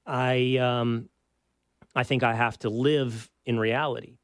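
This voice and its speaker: A man's voice: medium pitch, level tone, takes it slowly, clear, resonant tone, dry recording. A man with a Texas twang runs an opinionated talk radio monologue, pressing his points with rhetorical questions. His voice sits in a middle register and sounds close and dry in the studio. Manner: emphatic, conversational, rhetorical questions. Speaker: radio talk show host.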